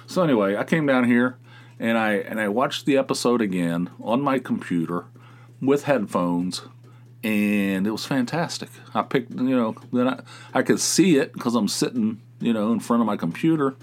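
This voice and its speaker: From his home office, a middle-aged man hosts his podcast solo, chatting casually in a rambling, self-mocking way and swearing freely. His voice is medium-pitched and animated, with a moderate pace.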